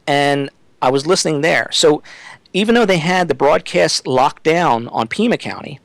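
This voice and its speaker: A man's voice: on the high side, normal speed, creaky, dry recording, poor audio. A man as a guest on a talk-radio interview, speaking emphatically and often restarting his sentences.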